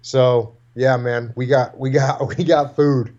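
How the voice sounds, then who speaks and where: A man in his forties, a podcast host, telling lively stories in casual chat and acting out what family members said. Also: medium pitch, takes it slowly. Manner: animated storyteller acting out family quotes. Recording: dull lo-fi sound.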